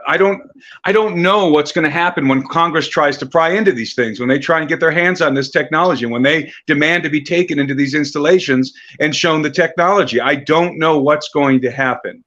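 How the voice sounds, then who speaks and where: A man's voice: fairly high pitch, brisk, fairly bright tone. Earnest male guest, lo-fi remote line. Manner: earnest, explanatory, with restarts and fillers. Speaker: guest researcher. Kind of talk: interview answers.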